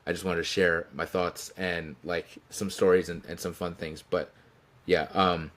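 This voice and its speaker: A man's voice: sits low, level tone, a little slow, fairly bright tone. A man casually telling stories to camera from his room, rambling with restarts and chuckles. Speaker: channel host telling stories. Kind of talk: casual storytelling tribute.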